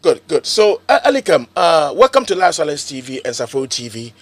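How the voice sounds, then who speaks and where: A Ghanaian man hosting an online political talk stream, excitable, repeating himself and swinging between loud and soft. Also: on the high side, a little fast. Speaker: online show host. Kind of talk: animated live-stream commentary.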